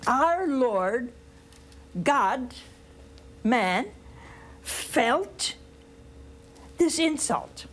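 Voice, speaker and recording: An older woman, a nun, giving a slow, tender spiritual talk on a call-in program, dropping to a whisper on key phrases. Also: high voice, lively intonation, fairly bright tone. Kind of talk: spiritual teaching with phone calls.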